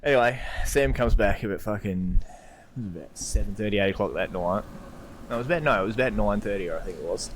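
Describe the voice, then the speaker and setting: A man's voice: fairly low pitch, a little fast, noisy background. A man with an Australian accent telling drinking stories on a podcast, swearing often and laughing through them. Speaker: podcast co-host. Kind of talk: casual storytelling chat.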